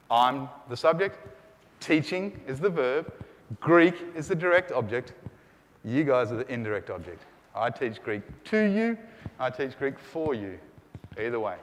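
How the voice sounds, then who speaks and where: A man's voice: fairly high pitch, in a large hall. A man teaching Greek grammar in a lecture, drilling his students with call and response. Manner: energetic, call-and-response drilling, rising to shouts. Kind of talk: classroom lecture. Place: lecture room.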